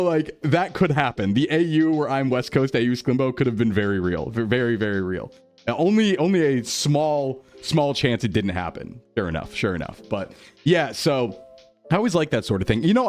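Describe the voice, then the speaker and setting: A man from New England streaming live, chatting casually with his chat and thanking viewers in an upbeat way that often jumps high with excitement.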